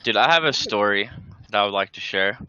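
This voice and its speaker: A man on a casual group call, bright and forceful in tone. He tells a story eagerly and casually, full of "like" and "dude". His mic sounds dull and completely dry. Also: lowish voice, expressive, fairly quick, smooth, no echo. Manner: chatty, eager storyteller, says "like" and "dude" a lot. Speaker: call participant, former stagehand.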